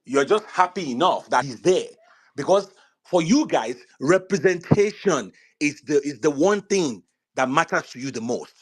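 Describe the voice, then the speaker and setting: A man's voice: a little high, lively intonation, moderate pace, husky. A man from Nigeria arguing politics in an online audio discussion, emphatic and repeating his phrases for weight. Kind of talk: heated political debate.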